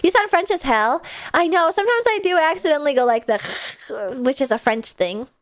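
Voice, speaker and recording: Woman, livestream chat, excitable, casual swearing, fairly high voice, desk mic. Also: fairly quick. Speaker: streamer. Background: faint game music.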